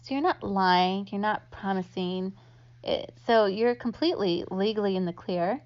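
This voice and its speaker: Woman host, casual tutorial, chatty with constant fillers, mid-pitched voice, muffled lo-fi recording. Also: normal speed, clean tone. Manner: chatty, heavy use of "like" fillers. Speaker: online instructor. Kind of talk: casual instructional talk. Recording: slightly dull lo-fi audio.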